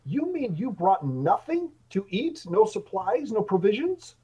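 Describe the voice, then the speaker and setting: A sullen, haughty knight, put on by a man running a tabletop game, pitched a little above his usual talk. He sneers and complains at the others with a mellow, slightly raised tone. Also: sing-song, measured pace, slightly rough, exaggerated voice, rough recording. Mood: indignant. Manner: scornful, complaining.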